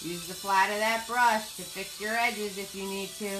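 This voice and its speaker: A woman's voice: medium pitch, fairly even intonation, moderate pace, music in the background, poor audio. A woman leading a live online painting class, chatty and playful, repeating her cue words in a sing-song way. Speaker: paint party instructor.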